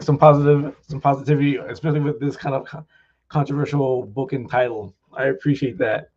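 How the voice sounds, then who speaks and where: A man, an author at a live festival talk, retelling his book in a rambling, excitable way full of "like.". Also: medium pitch, fairly quick, highs cut off. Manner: rambling, loaded with "like"; excitable, thanks the crowd warmly.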